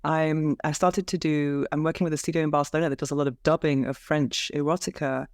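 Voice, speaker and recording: A woman's voice: sits low, fairly even intonation, quick pace, no echo, clean studio sound. A woman hosting a podcast in a casual interview chat, talkative and laughing often, with frequent restarts. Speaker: podcast host.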